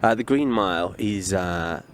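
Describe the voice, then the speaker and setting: Low-voiced man telling animated stories. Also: measured pace, slight background noise. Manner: animated storyteller, acts out quotes, laughs often. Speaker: podcast co-host. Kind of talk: casual chat. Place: outdoors.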